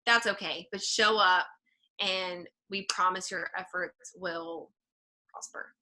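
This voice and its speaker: A woman's voice: lowish voice, fairly even intonation, takes it slowly, bright, forceful tone, low-quality recording. A woman giving an earnest, encouraging motivational talk to her team, full of "like" fillers. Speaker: team leader.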